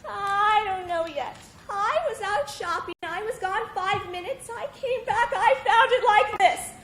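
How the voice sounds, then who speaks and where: A woman playing a frantic, hysterical middle-aged housewife in a staged comedy scene, talking in a shrill, exasperated rush. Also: a little slow, a bit bright, a little hiss or hum. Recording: roomy echo.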